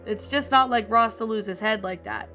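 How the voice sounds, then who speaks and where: A worried, determined young woman speaks up with a plan in a storybook reading, as a woman narrator reads her lines. The voice is bright and fairly high. Faint music plays behind. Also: normal speed.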